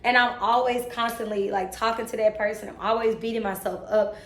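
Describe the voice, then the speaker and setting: Young female vlogger, earnest self-talk about faith, near tears, slightly high voice, roomy echo. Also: steady tone, a little fast, a bit bright. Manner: earnest, self-motivating, preachy, casual slang. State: tearful, emotional. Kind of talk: emotional faith-talk vlog.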